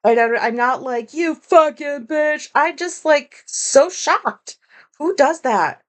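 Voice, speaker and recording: A woman's voice: sits high, animated, slow. Rambling, foul-mouthed woman podcaster. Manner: rambling, candid and profane, with many fillers. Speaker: podcast host. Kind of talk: casual solo podcast monologue.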